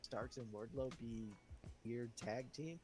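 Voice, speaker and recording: A man chatting casually while playing a wrestling sim game with a friend, quick to react, swearing and laughing. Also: medium pitch, a little mellow. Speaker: co-host of a game stream. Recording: faint music behind.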